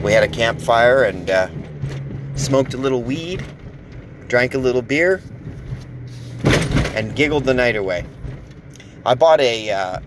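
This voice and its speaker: A man's voice: lowish voice, background noise. A man hosting a podcast who tells a long story in a casual, rambling way, full of fillers and laughs. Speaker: podcast host.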